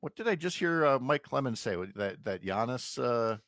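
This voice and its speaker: A man hosting a casual morning radio talk show, relaxed and chatty with easy self-deprecating humor. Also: medium pitch, moderate pace, no echo, studio quality.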